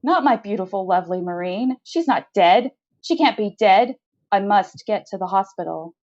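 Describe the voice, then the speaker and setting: A woman's voice: mid-range voice, animated, normal speed, a little mellow, no room sound, lightly acted. A woman voicing a frantic man who answers with desperate, defiant outbursts, heard on a slightly dull lo-fi recording. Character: frantic devoted man, the first-person narrator.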